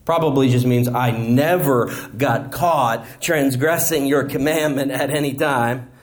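A man's voice: mid-range voice, measured pace. A man preaching a sermon in a church, acting out the characters as he explains a parable. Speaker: pastor.

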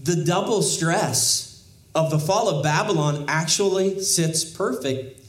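A pastor delivers an expository sermon in a plain, conversational teaching voice pitched a little higher than most men's. He slips in wry asides and raises his voice to emphasize points, with noticeable room echo in the recording.

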